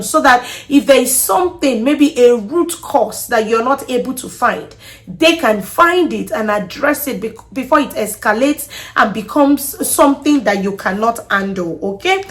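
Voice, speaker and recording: An earnest woman with a slightly high voice hosts a talk on parenting advice. She repeats words as she thinks and often stops to check in with a quick "okay?". Her delivery is steady and instructive. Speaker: podcast host.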